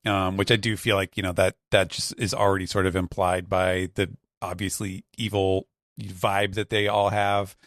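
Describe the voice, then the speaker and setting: A man with a low voice explains things to the hosts in a relaxed, thoughtful way. His speech is unhurried and recorded dry on the mic. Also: no echo. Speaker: guest translator. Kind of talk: casual podcast chat.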